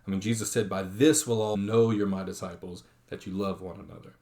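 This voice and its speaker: A man's voice: low voice, steady tone, fairly quick, few pauses, darkish tone. A man giving an online lecture, reading quotations aloud with frequent fillers and restarts.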